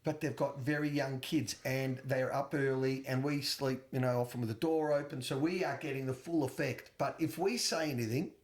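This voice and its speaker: A man's voice: medium pitch, steady tone, moderate pace, hardly any pauses. A man with an Australian accent co-hosting a podcast, talking bluntly and animatedly in casual chat and swearing freely. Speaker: podcast co-host.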